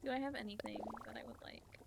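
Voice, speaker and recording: A woman's voice: mid-range voice, sing-song, fast, creaky, noisy background. A woman livestreaming, chatting casually with her viewers as she plays, giggling often and swearing offhandedly. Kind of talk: casual chat while playing a game. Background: game music.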